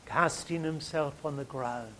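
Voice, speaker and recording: A man preaching a sermon in a dramatic way, dropping to a hush and then rising loud. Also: a little high, unhurried, slight background noise. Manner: dramatic, swings from hushed to loud.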